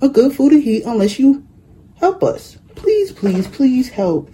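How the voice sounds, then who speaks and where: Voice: mid-range voice, moderate pace, warm tone, slight background noise, natural voice, poor audio. A reader voicing a group of dolls and toys in a storybook, begging for help. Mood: pleading. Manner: pleading. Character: chorus of pleading dolls and toys.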